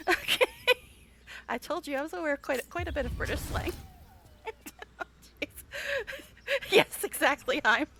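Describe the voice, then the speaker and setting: Woman streamer, bright, gravelly voice, chatty and laughing, talks to chat. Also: high voice, sing-song, slow, long pauses, a little hiss or hum. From United States. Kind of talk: casual chat while live-streaming a game.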